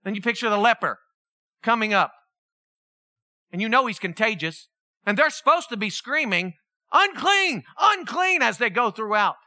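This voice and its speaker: Animated, bright-voiced preacher. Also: mid-range voice, normal speed, long pauses, no room sound, studio quality. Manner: storytelling, acts out the people in the story; asks the listeners many questions. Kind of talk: sermon.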